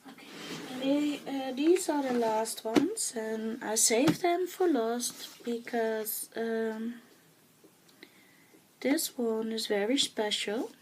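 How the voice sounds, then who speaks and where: A woman with a Dutch accent, talking softly and hesitantly in a casual show-and-tell vlog, often dropping into a whisper, with many pauses and fillers. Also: a little high, noisy background. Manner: soft-spoken, often slipping into a whisper. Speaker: craft vlogger.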